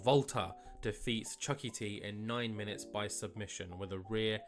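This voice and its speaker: A man's voice: on the low side, normal speed. A young man casually narrating a wrestling management game, chatty and rambling with lots of fillers. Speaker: let's play host. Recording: faint guitar music behind.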